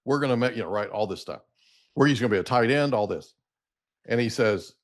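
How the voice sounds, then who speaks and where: A middle-aged man hosting a podcast, telling a long story in a casual, animated way and acting out the dialogue. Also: medium pitch, quick pace. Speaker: podcast host.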